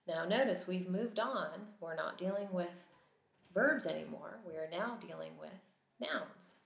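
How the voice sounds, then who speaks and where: A woman teaching a Latin vocabulary lesson, patiently sounding out each word form and pausing for the listener to repeat. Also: on the low side, gravelly. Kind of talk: recorded vocabulary lesson with drills. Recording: echoey room.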